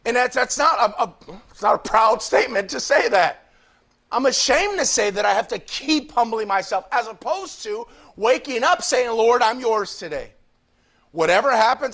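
Man, pastor, Bible study sermon, high voice, fervent, pleading. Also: lively intonation, normal speed, gravelly. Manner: rises into fervent shouted pleading, then drops low.

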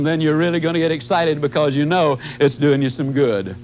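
A man in his fifties gives a motivational talk, his voice sitting notably high for a man. He speaks in a folksy, animated way, and a faint hum runs behind him. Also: brisk, few pauses. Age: 50s.

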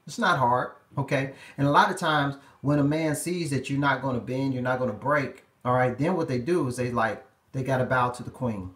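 A man's voice: medium pitch, brisk, echoey room. A man, a relationship life coach, giving emphatic, repetitive advice straight to his viewers on a live stream.

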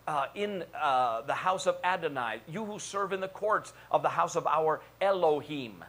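A man's voice: on the high side, lively intonation, normal speed, few pauses, a bit bright. Man preaching a church sermon. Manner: preaching with rising repeated calls and questions to the congregation. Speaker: pastor. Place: church sanctuary.

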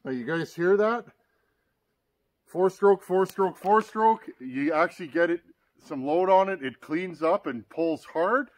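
At a normal speed, a chainsaw repair demonstrator talks his audience through a practical workshop fix, plain-spoken and calling them "guys." His pitch runs a little above the usual male range, and at points he pushes his volume up as if an engine were running.

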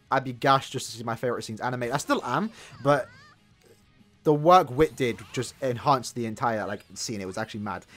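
With a medium-pitched, fairly bright voice, a young-sounding man with a sore throat hosts his gaming channel. He plays a mobile game while rambling casually and chattily, full of fillers.

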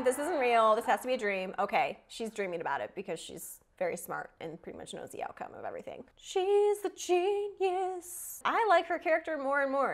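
A woman hosting a casual movie reaction video, talking to herself with quick gasps and frequent laughter. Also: fairly high pitch. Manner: excitable, gasps and laughs often, talks to herself.

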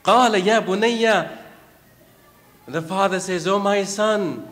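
A man's voice: high voice, animated, a little slow, a bit bright. A man preaching a sermon, chanting verses and then explaining them, repeating phrases for emphasis. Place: large hall at a religious gathering. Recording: long hall reverb.

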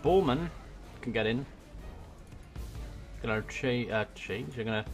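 A man from Wales with a Welsh accent, giving excitable let's-play commentary on a strategy game into a desk microphone, swearing and muttering to himself as he plays. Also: mid-range voice, measured pace, pauses often, soft background music. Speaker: gaming YouTuber. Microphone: desk USB microphone.

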